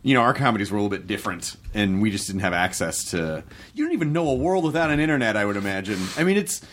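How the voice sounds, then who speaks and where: A middle-aged man with an American accent hosting a podcast, joking and tossing in quick asides. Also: fairly low pitch, expressive, fairly bright tone. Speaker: podcast host. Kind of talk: casual podcast chat.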